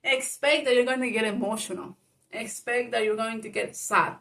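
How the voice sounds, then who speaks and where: A woman's voice: a little high, fairly even intonation, moderate pace, gravelly, fairly bright tone, far from the mic. A woman giving casual spoken advice to viewers, frank and chatty, laughing often, swearing and calling the listener baby. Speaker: advice vlogger.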